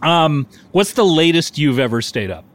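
A man co-hosting a podcast, talking in a casual comedic chat with deadpan jokes and playful mock questions. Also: on the high side, moderate pace. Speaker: podcast co-host.

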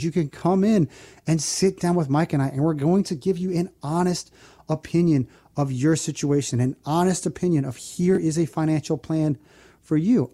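A man hosting a financial advice radio show, explaining things earnestly and slowly spelling out a phone number. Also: on the high side, mellow.

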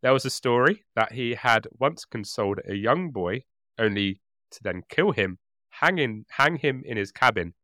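A man's voice: medium pitch, animated, moderate pace, pushed and bright, no room sound, studio quality. A man co-hosting a casual history podcast, reading grisly quotes aloud and often breaking into giggles. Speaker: podcast co-host and storyteller.

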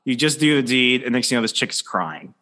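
A man's voice: mid-range voice, animated, quick pace, pushed and bright. A young man in casual podcast chat, joking crudely and rambling through long anecdotes.

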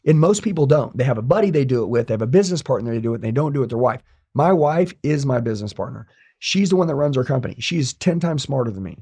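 A man's voice: medium pitch, animated, quick pace, warm tone, slightly rough. A man speaking as an interview guest, sharing his story intensely, bluntly, and with plenty of swearing. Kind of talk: motivational interview talk.

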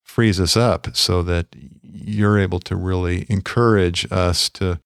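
A middle-aged man co-hosting a Christian podcast, talking in a gentle, measured, pastoral way. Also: low-pitched, steady tone, creaky, clean tone, dry recording, studio quality. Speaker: podcast co-host. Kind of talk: reflective Christian podcast conversation.

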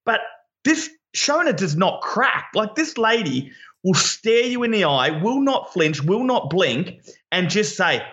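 A man co-hosting a podcast in casual chat, animated and tripping over repeated words when excited. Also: high-pitched, a little slow, dull audio. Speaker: podcast co-host.

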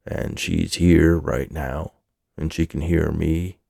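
A crooked police officer, as a man reads him growls his words low and gravelly. The voice is dark and husky. Close, dry audiobook sound. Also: fairly even intonation, slow pace, no room sound, exaggerated voice. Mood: menacing.

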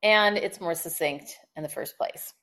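A woman communication expert, a podcast guest, who explains tips in a lively, chatty way and laughs often. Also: on the low side, measured pace. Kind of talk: conversational podcast interview.

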